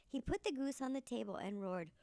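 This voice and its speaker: A woman reads a fairy tale aloud in a theatrical storyteller style. Her fairly high voice swoops widely and carries a gravelly edge, and the recording is close and dry. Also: a little fast, no room sound. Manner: animated, theatrical reading.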